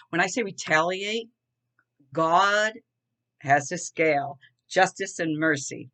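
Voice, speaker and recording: A woman's voice: low-pitched, fairly bright tone. A middle-aged woman with a lilt talks straight to her viewers in a loose, earnest monologue. She wanders between thoughts, circles back, and leans on little check-ins as she goes. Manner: earnest, rambling, addresses viewers as y'all. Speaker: vlogger. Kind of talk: casual talking-head monologue.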